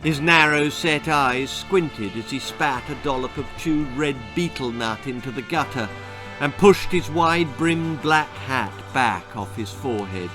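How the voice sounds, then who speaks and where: A man's voice: medium pitch, a little slow, music in the background. A man, the author, reading a children's horror-comedy story aloud in a playful, theatrical way.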